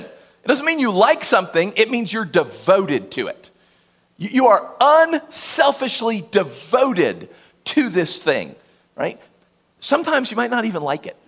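A man preaching a sermon in an animated, emphatic, conversational way, often turning to the listeners with questions. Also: high voice. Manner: animated, emphatic, conversational with frequent rhetorical asides.

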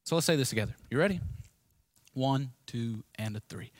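A man preaching a sermon in a conversational, lively way, talking straight to his listeners with asides and prompts. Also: medium pitch, brisk, dry recording, studio quality.

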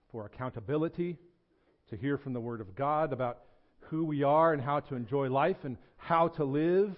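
A male pastor preaching a sermon in a church sanctuary, earnest and emphatic, repeating his points and dropping to low, intense tones. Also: lo-fi sound.

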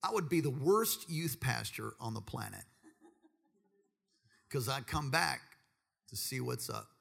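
A middle-aged man preaching a sermon, telling a story with jokes and swinging from quiet asides to loud exclaiming in a church service. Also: mid-range voice, lively intonation, a little slow, creaky, slightly rough. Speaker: pastor.

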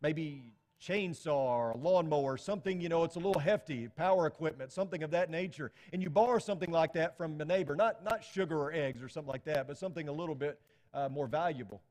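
High-voiced preacher in a reverberant hall. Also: male voice, quick pace, darkish tone. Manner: conversational preaching with rhetorical questions. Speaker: pastor. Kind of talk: sermon.

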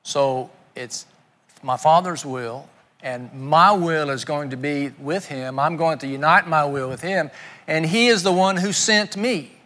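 A man's voice: fairly high pitch, measured pace, sharp tone, big-room sound. A man preaching a sermon, earnest and often repeating words as he searches for his phrasing. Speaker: guest preacher.

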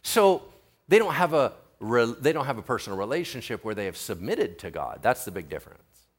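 A male pastor giving a conversational sermon, animated and talking straight to his listeners. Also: mid-range voice, brisk, breathy edge. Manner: animated, conversational preaching with asides to the audience.

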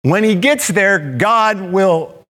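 A male pastor preaching a sermon, animated and playful, with self-deprecating asides. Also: high voice, slow.

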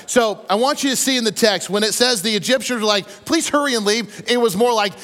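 A married man preaching a sermon, telling stories and acting out the quotes in an animated way. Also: sits high, a little fast. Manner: animated storytelling, acts out quotes. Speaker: pastor. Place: church sanctuary. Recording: long reverb of a church hall.

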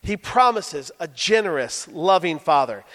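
A man's voice: on the high side, sing-song, measured pace, fairly bright tone, long reverb tail. A male pastor in his thirties giving a sermon, telling stories with self-deprecating humor. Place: church sanctuary.

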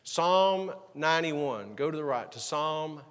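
Man preaching, fairly high voice, folksy scripture retelling, long church reverb. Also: animated, slow pace, a bit bright. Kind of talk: sermon. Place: church sanctuary.

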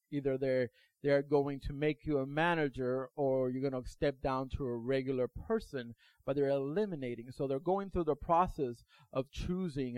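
A male pastor preaching a sermon, retelling a personal story in an animated way and acting out the quotes. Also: on the high side, no room sound, low-quality recording.

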